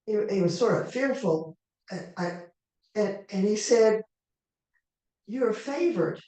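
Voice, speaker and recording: A woman storyteller telling a tale in the first person as a character, in an unhurried, conversational way with asides to the audience. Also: mid-range voice, mellow. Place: live performance venue. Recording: echoey hall, mic far off.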